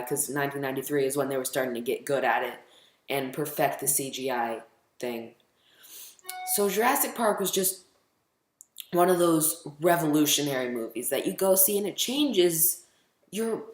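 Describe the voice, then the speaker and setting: A teenage boy vlogging casually, rambling and chatty, full of ums as he counts down his favorite movies. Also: a little high. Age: teens. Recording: echoey room.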